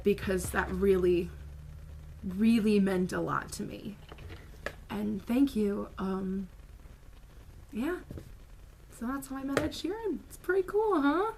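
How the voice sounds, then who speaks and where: A woman vlogger telling a personal story to camera in a casual, animated way, full of "like" and quick asides. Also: medium pitch, a little hiss or hum. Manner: animated, filler-heavy retelling with lots of "like".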